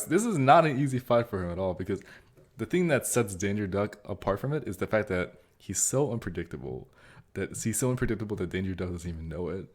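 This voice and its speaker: A young man co-hosting a casual podcast, rambling along and laughing at himself, sometimes trailing off softer. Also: lowish voice. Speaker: podcast co-host. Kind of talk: casual chat.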